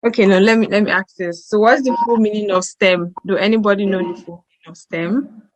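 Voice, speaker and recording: A woman's voice: medium pitch, fairly even intonation, a little fast, lo-fi sound. A woman hosting an online event, hesitant and apologetic, often restarting her sentences. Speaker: event host.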